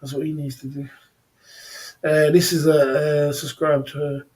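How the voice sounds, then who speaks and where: A man hosting a casual livestream chat, relaxed and slangy, who chuckles often and repeats himself. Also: a little high, unhurried. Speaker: livestream host.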